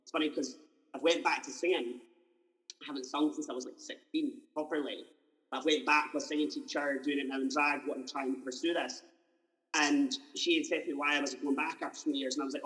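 A man's voice: on the high side, fairly even intonation, fast, fairly bright tone, big-room sound, low-quality recording. A man in his twenties hosting a casual chat interview, telling stories animatedly and acting out the voices of people he quotes. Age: 20s. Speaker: podcast host.

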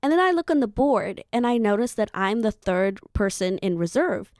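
A woman's voice: medium pitch, very animated, moderate pace, a little mellow, no room sound, studio quality. A young woman in her twenties from Zimbabwe, telling a personal story in a chatty, playful way with asides to the listener. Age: 20s. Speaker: vlogger. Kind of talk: casual storytelling.

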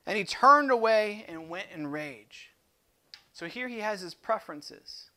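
High-pitched guy preaching, bright cutting voice, goes loud then drops real quiet, stumbles and repeats words. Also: lively intonation, measured pace. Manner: impassioned, swings from loud emphasis to hushed intensity. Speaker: pastor. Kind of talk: sermon.

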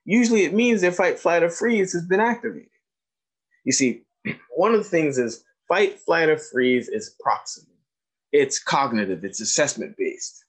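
A man with a husky, slightly high voice gives a training lecture to teachers at a moderate pace, captured on a rough recording. He's an animated storyteller, sharing classroom stories and asking the audience questions.

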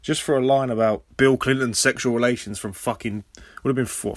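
An English man hosting a casual podcast recap, sarcastic and swearing freely, with sudden loud high outbursts. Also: brisk, dry recording, studio quality. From England. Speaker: podcast host.

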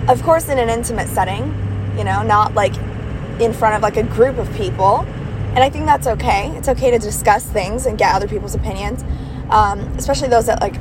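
A young woman with a slightly high voice rambles through a frank, profane story, packing her talk with fillers. She is riding in a moving car, and a loud engine drone sits under her voice the whole time. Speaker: vlogger. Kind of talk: casual storytelling rant. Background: car engine hum.

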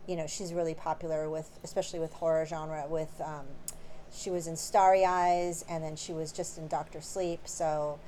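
A woman's voice: sits low, little pitch movement, moderate pace, dark tone, slight background noise. A woman, born in Canada and raised in Los Angeles, answering interview questions about her film in a chatty, rambling way with plenty of fillers. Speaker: filmmaker guest.

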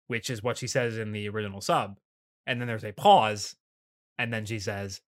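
A man's voice: lowish voice, a little fast, fairly bright tone. A man casually recapping an anime episode, swearing often and mock-quoting characters between laughs. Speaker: podcast host.

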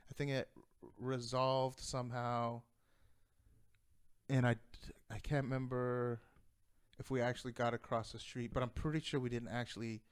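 A man's voice: mid-range voice, little pitch movement, normal speed, pauses often, clean tone. A man telling a casual personal story, rambling and profane, laughing often.

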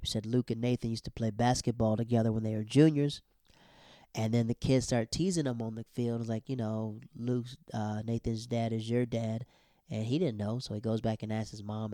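A young man giving a chatty, animated recap of a TV episode and acting out the characters' lines. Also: medium pitch, no room sound, studio quality. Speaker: show recap host.

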